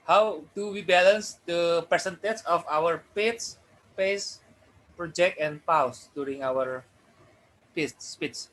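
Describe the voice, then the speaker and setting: A man's voice: on the high side, takes it slowly, fairly bright tone, rough recording. A man asking a question in an online session, hesitant and searching for his words. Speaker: club member asking a question. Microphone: video call.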